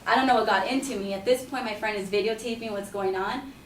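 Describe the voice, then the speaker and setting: Fast-talking woman telling a story. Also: mid-range voice, slight background noise. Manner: chatty, heavy with "like" and "you know". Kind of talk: casual spoken anecdote. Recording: roomy echo, mic at a distance.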